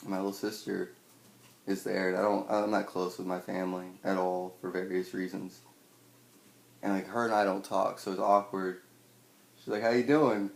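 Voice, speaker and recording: A young man in his twenties, swearing a lot and telling a personal story with wry humor, acting out scenes loudly at times. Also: deep voice, level tone, normal speed, gravelly, pauses often. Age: 20s. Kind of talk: personal storytelling, stand-up style. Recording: echoey room with faint noise.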